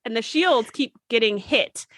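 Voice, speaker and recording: Bright, emphatic woman podcast co-host. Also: a little high, animated, unhurried, no echo. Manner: emphatic, acts out quotes with big jumps. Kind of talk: casual chat recapping an episode.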